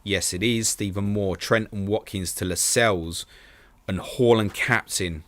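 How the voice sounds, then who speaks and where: A very low-voiced young man runs a live stream, answering chat questions in an easygoing, self-mocking way. The sound is dry and close, with no room around it. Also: no echo. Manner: casual and quick, calls viewers mate, self-deprecating. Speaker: fantasy football stream host.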